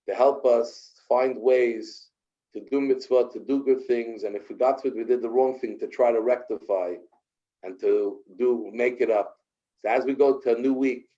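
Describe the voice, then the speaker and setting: A man, a rabbi, telling a story and giving a short sermon, lively and animated. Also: medium pitch, dull audio.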